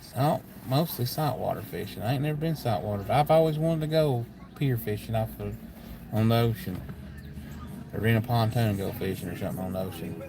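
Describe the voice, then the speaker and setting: A man's voice: on the low side, a little fast, creaky, noisy background. A man with a Kentucky accent hosting a casual livestream chat, rambling in a folksy, plainspoken way. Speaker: livestream host.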